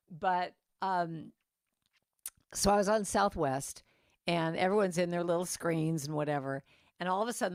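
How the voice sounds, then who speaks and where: Storytelling middle-aged woman speaker, lowish voice. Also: a little fast, no room sound, clean studio sound. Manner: animated, acts out quoted voices, laughs while talking. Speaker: guest speaker at a Sunday service. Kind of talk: storytelling sermon.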